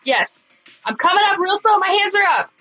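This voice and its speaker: A woman's voice: very high voice, sing-song, fairly quick, pushed and bright, muffled recording, faint music behind. A woman playing a tabletop game in a playful, laughing way. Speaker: player. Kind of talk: tabletop role-play.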